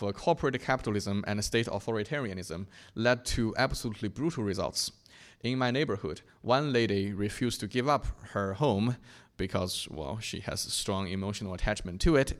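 A young man from China giving an earnest, reflective personal testimony, often pausing and restarting his sentences. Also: lowish voice. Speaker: speaker sharing his faith testimony.

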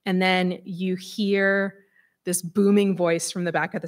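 A woman preacher reading scripture aloud and giving a sermon, conversational and expressive with dramatic emphasis. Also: fairly low pitch, unhurried.

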